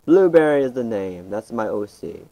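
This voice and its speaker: A man's voice: on the low side, big pitch swings, normal speed, dark tone, no room sound, low-quality recording. A man giving casual, rambling commentary over his gameplay, often stopping and restarting his sentences. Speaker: gaming channel host.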